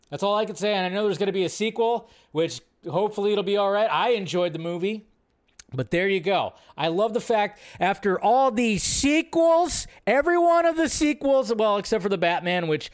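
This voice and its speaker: A man hosting a live movie news stream, talking casually and with enthusiasm, often riffing by repeating words. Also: sits high.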